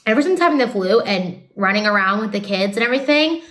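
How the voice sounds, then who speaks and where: A woman's voice: mid-range voice, expressive, fast. A young woman talking casually to her viewers, earnest and rambling, a little out of breath. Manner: earnest, rambling, warm-hearted. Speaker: ministry vlogger announcing a giveaway. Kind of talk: casual chat to camera.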